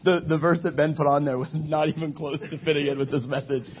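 A man in his thirties preaching a sermon to his congregation in a church, energetic and exhorting, calling for answers from the pews. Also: on the high side, moderate pace, dull audio, a little hiss or hum. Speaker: pastor. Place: church sanctuary.

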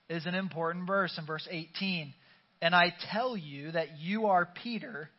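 A man's voice: a little high, dull audio. A pastor preaching a conversational sermon to his congregation, urging them to call back their response. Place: church sanctuary.

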